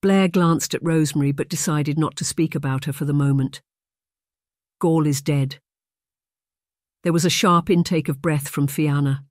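Measured audiobook narrator, mid pitch, dry close recording. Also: fairly even intonation, no room sound.

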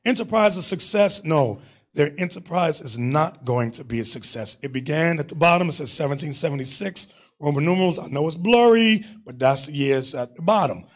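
Animated, husky-voiced man preaching. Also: on the high side, fairly quick. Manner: emphatic preaching, directs readers and staff. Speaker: Bible class teacher. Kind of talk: preaching Bible class.

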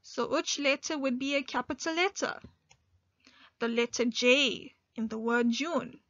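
Slow, high-voiced woman teaching young kids. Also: fairly bright tone, dry recording. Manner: slow, clear teacherly delivery, stressing key words. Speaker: primary school teacher. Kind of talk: online grade one English lesson. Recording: dull lo-fi dry recording.

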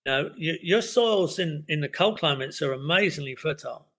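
Bright-toned older man musing casually. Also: a little high, animated, normal speed. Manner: reflective, rambling, many restarts and "you know" fillers. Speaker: permaculture educator, podcast guest. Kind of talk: casual interview conversation.

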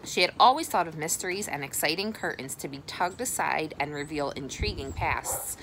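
A woman's voice: low-pitched, moderate pace, background noise. Woman reading a novel aloud outdoors. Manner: casual, self-correcting, with lively voices for dialogue. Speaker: reader. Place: outdoors, cold and windy.

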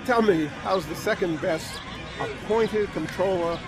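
A man playing a brash, jovial former state official who teases loudly in a comedy sketch video. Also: sits high, a little slow, a loud crowd. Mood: teasing. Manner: loud, teasing, swaggering street talk.

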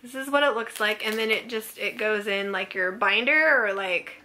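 A woman vlogger chatting casually through a product haul, gushing and excitable as she shows each find. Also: medium pitch, moderate pace. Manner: gushing, excitable, keeps saying "oh my gosh, you guys".

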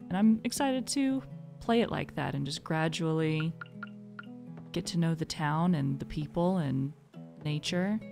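A young woman giving gentle, calm and reflective commentary while she plays a game. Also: low-pitched, creaky. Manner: soft-spoken, calm and reflective. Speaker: gaming video host. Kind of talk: gentle mindful gameplay commentary.

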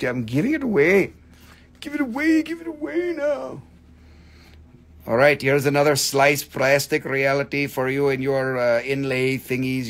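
In a mid-range voice with slight background noise behind it, a man sells rocks and minerals on a live online stream. His chat is casual and profane, full of jokes and occasional bursts of song as he shows pieces and quotes prices.

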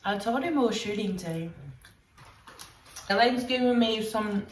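A woman with an Australian accent hosting a casual vlog, chatting with lots of ums and likes and quick giggles. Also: fairly high pitch. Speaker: vlogger host. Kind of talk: casual chat. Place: at home with kids. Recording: roomy, distant mic, faint noise.

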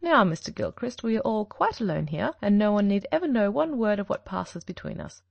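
A woman's voice: mid-range voice, sing-song, a little fast, creaky, dry recording, muffled recording. A woman reading an audiobook, voicing Sherlock Holmes as a shrewd, confident male detective with an emphatic delivery. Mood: stern.

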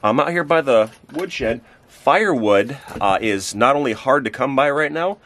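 A man's voice: medium pitch, expressive, normal speed, fairly bright tone. A man talking casually to camera for a family vlog outdoors, rambling with lots of fillers. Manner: rambling, full of "like" and "uh". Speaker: family vlogger. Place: outdoors by the woodshed.

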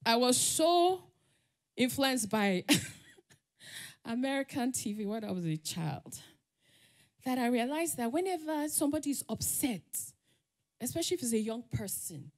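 Nigerian woman giving a talk, highish voice, swoops all over the place, acts out voices. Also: a little slow, long pauses. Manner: animated, laughs often, acts out quoted voices. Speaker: conference speaker. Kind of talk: conference talk with personal stories. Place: summit stage.

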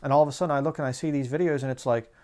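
A man preaching a sermon in a conversational way, slowing down to read scripture aloud. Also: medium pitch, steady tone, mellow, clean tone.

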